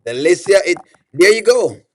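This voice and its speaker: A man hosting a comedic reaction video. He teases and repeats himself in an animated way while he laughs. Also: high-pitched, moderate pace.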